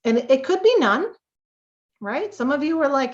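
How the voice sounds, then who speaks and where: A woman hosting a live tapping call, coaching listeners with slow, emphatic talk and sudden emotional bursts. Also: sits high, big pitch swings, lo-fi sound.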